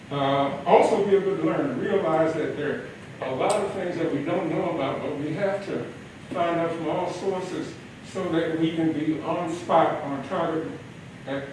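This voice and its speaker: A man's voice: a little high, darkish tone, a little hiss or hum. Exhorting man in an echoey chamber. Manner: exhorting, preacher-like, spelling out an acronym. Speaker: public commenter at a town council meeting. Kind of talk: formal public comment. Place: large echoey council chamber. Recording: echoey chamber audio from far off.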